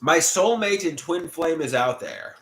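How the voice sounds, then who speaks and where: Man, lonely livestreamer; lively swinging pitch, bright edge; rambling, repetitive, pleading. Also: a little slow, gravelly. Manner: repeats himself, trails off, bursts into yelling. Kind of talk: rambling monologue to camera.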